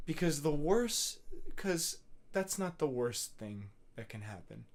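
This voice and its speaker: A man's voice: on the high side, animated, measured pace. Young male podcast host, solo monologue; earnest, rambling, profane, filler-heavy. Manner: earnest rambling pep talk with frequent swearing and fillers.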